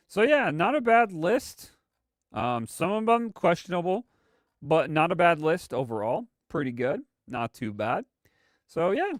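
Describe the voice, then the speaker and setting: A man's voice: a little high, no room sound. Rambling man streaming, dry sound. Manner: rambling, hesitant, many fillers. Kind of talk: casual live-stream commentary.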